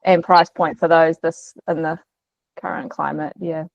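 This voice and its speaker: A woman asking a hesitant, halting question during an online session over a video call with microphone trouble. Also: low voice, flat delivery, gravelly, no echo, highs cut off. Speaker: caller. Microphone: video call with mic trouble.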